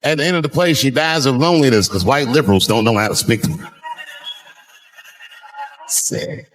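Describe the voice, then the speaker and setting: A man in his forties performing a loose, profane stand-up set, drawling with sudden jumps in pitch. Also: lively intonation, quick pace, fairly bright tone, faint music behind. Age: 40s. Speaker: stand-up comedian.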